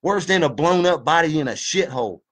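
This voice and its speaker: A man's voice: fairly high pitch, expressive, brisk, fairly bright tone. A man giving a fired-up, preachy monologue, folksy and full of swearing. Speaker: video commentator. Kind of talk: impassioned monologue.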